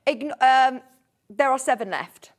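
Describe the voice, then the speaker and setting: A woman's voice: high voice, unhurried. A woman presenting fabrics on live shopping television, chatty and bubbly, laughing often.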